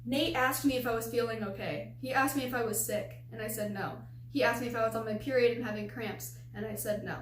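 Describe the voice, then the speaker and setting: A woman in her twenties telling a story to the camera, chatty and loose, with "like" and "you know" scattered everywhere. Her voice sits a bit higher than most women's. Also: fairly even intonation, brisk, few pauses, a little hiss or hum. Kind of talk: casual storytime vlog.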